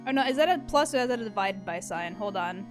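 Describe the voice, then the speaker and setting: A woman's voice: mid-range voice, lively intonation, fast. A young woman streaming a game, chatting casually, giggling and swearing freely. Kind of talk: casual let's-play commentary. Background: game music.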